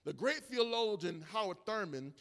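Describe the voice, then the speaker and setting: A man preaching a sermon, building from calm teaching into shouted, sung preaching. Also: sits high, normal speed, creaky, big-room sound. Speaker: pastor. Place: church sanctuary.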